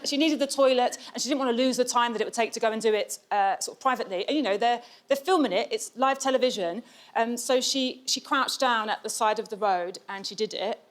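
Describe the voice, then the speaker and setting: A woman's voice: high voice, heavy background noise. A woman doing a stand-up set on a comedy show, chatty, giggly and self-deprecating.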